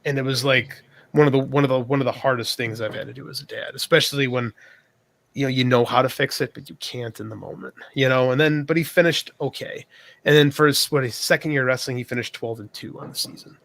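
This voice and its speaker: A man's voice: medium pitch, fairly even intonation, fast talker, vocal fry, a bit bright, no room sound. A man in his thirties co-hosting a podcast, telling a long personal story in casual chat and quoting himself often. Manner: storytelling, lots of "I'm like" quoting. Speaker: podcast co-host.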